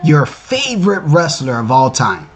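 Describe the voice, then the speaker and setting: A man in his forties hosting a casual interview, excitable and playful in his banter. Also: a little high, a little slow. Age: 40s.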